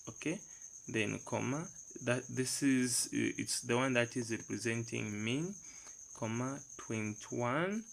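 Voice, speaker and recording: A man's voice: medium pitch, creaky, rough recording. A man teaching a math lesson step by step, reading numbers aloud and asking the class rhetorical questions.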